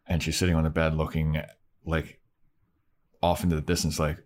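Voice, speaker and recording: A man's voice: extremely low pitch, monotone, moderate pace. A man co-hosting a podcast, casually recapping TV scenes with mocking put-on voices and plenty of swearing. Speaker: podcast co-host.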